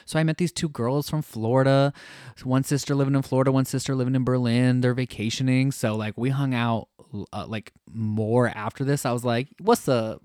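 A man gushes through a casual travel story on a podcast. His voice sits at a middle pitch and sounds dry and close to the mic. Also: steady tone, brisk, a little mellow, clean tone, no echo. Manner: effusive, gushing storyteller. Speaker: podcast co-host.

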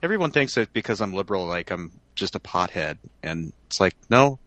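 A man's voice: sits low, very animated, brisk, fairly bright tone, no echo. A man co-hosting a podcast in a casual, joking, laid-back manner. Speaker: podcast co-host. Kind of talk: casual chat.

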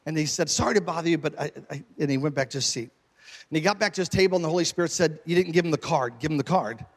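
A man preaching a sermon, telling a story with lively acted-out quotes and jokes to his congregation. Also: a little high, rapid-fire. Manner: animated, acts out quoted voices, jokes with congregation. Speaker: pastor. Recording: long hall reverb.

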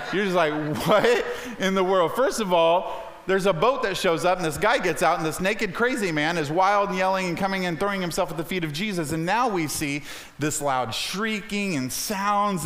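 Pastor, male, high voice, lively conversational sermon, roomy church sound. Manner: energetic, conversational preaching with acted quotes.

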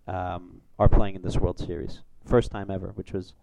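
A man hosting a casual sports podcast, rambling through stats and getting excited over big plays. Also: low voice, normal speed, vocal fry, muffled recording, slight background noise. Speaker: podcast host.

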